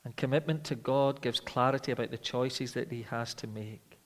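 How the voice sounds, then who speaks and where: A man preaching a sermon with dramatic rhetorical questions, rising loud and falling quiet. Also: mid-range voice, steady tone, normal speed. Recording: long hall reverb.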